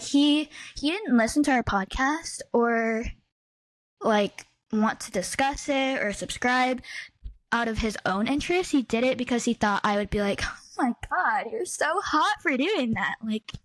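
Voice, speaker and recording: A young woman in her twenties, co-hosting a casual podcast. She has a fairly high voice and tells stories with animated energy, filling her talk with "like". The recording is close and dry, with no room sound. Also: dry recording. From Midwestern United States. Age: 20s. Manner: animated storytelling, heavy use of "like". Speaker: podcast co-host. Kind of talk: casual chat.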